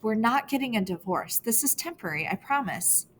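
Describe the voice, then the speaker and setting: A woman reading the lines of a worried mother who speaks gently and carefully to reassure her daughters. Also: a little high, lively intonation, fairly quick, a little hiss or hum, natural voice. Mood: gentle.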